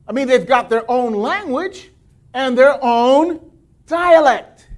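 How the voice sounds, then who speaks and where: A male pastor preaching a sermon, reading scripture and breaking off into lively asides. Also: very high voice, takes it slowly.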